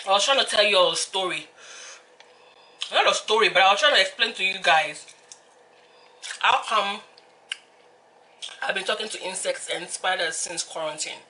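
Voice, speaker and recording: A young woman with a Nigerian accent chats to the camera between bites in a casual, hyper style. Her voice is bright and forward. She keeps breaking into snatches of song and quick Yoruba asides. A faint hum of noise sits under her voice. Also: mid-range voice. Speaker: mukbang host. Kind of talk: casual eating-show chat.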